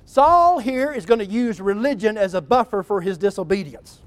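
Animated high-voiced preacher. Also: male voice, normal speed, few pauses, no echo. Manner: animated, wry, acting out scripture. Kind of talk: sermon.

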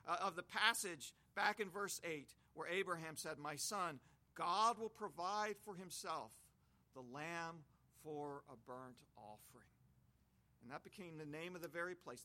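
A man's voice: high-pitched, bright, forceful tone. A man preaching an expository sermon, reading scripture aloud and explaining it with homely images.

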